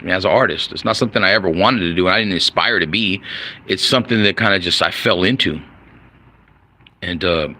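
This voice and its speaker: A man's voice: deep voice, bright, forceful tone. A middle-aged man in a casual late-night livestream, ranting with lots of profanity and repeating himself. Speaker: livestreaming vlogger.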